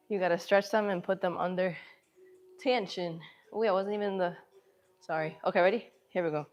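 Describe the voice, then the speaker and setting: A woman with a lowish, darkish voice live-streams her workout, chatting casually with viewers between sets at a normal speed with fairly even intonation and long pauses. She laughs often, sounds out of breath, and has a runny nose. The recording is muffled.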